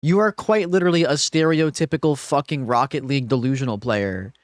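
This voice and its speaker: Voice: medium pitch, a little fast, dry recording, clean studio sound. A game streamer on a livestream, talking back to chat in an exasperated, profane rant.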